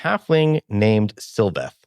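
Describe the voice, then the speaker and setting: Lively low-voiced man running a tabletop game. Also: slow pace, dry recording, clean studio sound. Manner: lively, laughing, loose. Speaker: game master.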